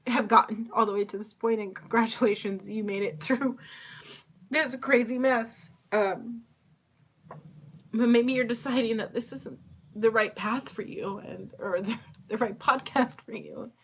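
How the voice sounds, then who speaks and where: Tearful young woman, slow and halting. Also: a little high, fairly even intonation, fairly bright tone, slight background noise. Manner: emotional, halting, confiding. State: tearful, cracking voice. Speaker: podcast host. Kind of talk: confessional solo podcast.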